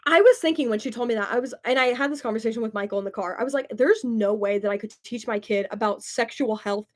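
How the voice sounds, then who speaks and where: A young woman vlogger talks casually through her viewers' comments. She is bubbly and giggly and often exclaims in surprise. Her voice sits high and light. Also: fast. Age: young adult. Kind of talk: casual chat.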